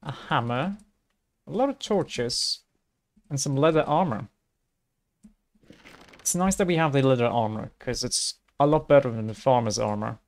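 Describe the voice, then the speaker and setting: A young man casually commenting on his gameplay in a chatty, rambling, low-key way. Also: moderate pace, a little mellow. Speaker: let's play host.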